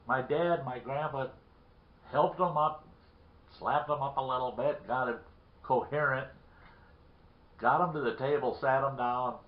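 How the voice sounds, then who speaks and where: A man spins a folksy tale in a rambling way, circling back and repeating himself as he goes. His voice sits at an ordinary middle pitch. The sound is roomy and somewhat dull, like a lo-fi recording. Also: normal speed, long pauses. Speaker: storyteller. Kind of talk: folksy spoken storytelling.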